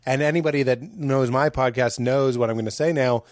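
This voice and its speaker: A man's voice: mid-range voice, a little fast, no room sound, clean studio sound. A man, a comedian guest on a podcast, talking in a thoughtful, earnest way. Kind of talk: casual chat.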